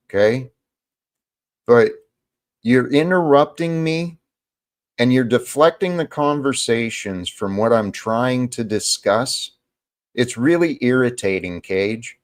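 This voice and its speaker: A man hosting an online chat, talking in a slow, deliberate way. His tone is measured and scolding as he lectures a guest on listening. His pitch sits in a mid range. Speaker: host.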